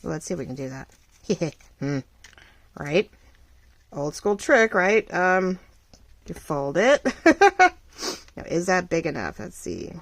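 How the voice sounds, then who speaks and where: A middle-aged woman running a small shop, chatting casually and rambling while she crafts, full of fillers and lively ups and downs. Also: fairly low pitch, slow pace, creaky, pauses often, no room sound. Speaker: craft vlogger and shop owner.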